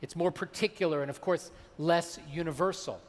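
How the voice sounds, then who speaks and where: A man, a rabbi, delivering a holiday sermon, slowing down and weighing his words when he quotes sacred texts. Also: fairly high pitch. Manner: measured, slows for emphasis on quoted texts. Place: large synagogue sanctuary. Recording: long hall reverb.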